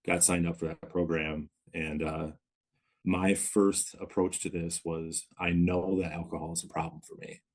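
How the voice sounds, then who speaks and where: A man in his thirties, a podcast guest, telling his story of recovery in a reflective, measured way with many pauses. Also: deep voice, little pitch movement. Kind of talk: candid interview storytelling.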